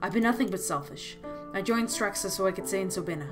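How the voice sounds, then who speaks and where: A woman's voice: mid-range voice, fast talker, natural voice. A woman reading the part of an anguished, lovesick young man in a visual novel, earnest and confessional, over game music.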